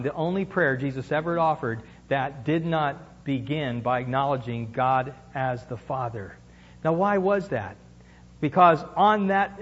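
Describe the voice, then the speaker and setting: Husky-voiced male pastor preaching. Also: on the high side, a bit bright. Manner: conversational, asks the congregation questions, builds to emphatic peaks. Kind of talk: sermon. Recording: dull lo-fi sound with long church reverb.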